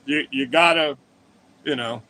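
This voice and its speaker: A man's voice: mid-range voice, a little slow, sharp tone, a little hiss or hum. A man hosting a livestream, ranting crudely and combatively to his chat, swearing often and wandering off on digressions. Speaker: livestream host. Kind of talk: profane political rant to live chat.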